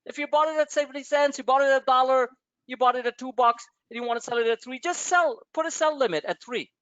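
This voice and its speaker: A man's voice: very high voice, quick pace, clear, resonant tone, dry recording, highs cut off. A man hosting a live stock-trading webinar, talking casually with profane asides and rambling stories. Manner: animated, profane, tangents into personal stories.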